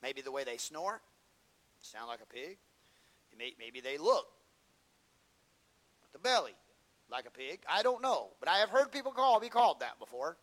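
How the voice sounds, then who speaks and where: A man's voice: a little high, very animated, moderate pace, long pauses, a bit bright. A man preaching a sermon, telling humorous stories in folksy slang.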